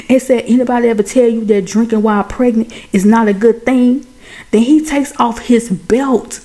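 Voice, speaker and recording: A woman retelling a movie plot in a chatty, animated way, talking straight to her viewers. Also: a little high, normal speed. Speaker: movie recap host. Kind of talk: casual movie recap.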